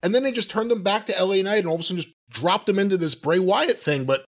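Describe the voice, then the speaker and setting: A man's voice: high-pitched, fast talker. A man co-hosting a podcast, chatting casually and critically in a wry way. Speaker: podcast co-host. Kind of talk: casual chat.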